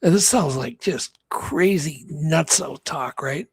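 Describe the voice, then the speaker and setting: A man's voice: on the high side, slow pace, husky, no echo. A man co-hosting a talk show, rambling through a story with many restarts and acted-out quotes. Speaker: co-host. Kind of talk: casual storytelling chat.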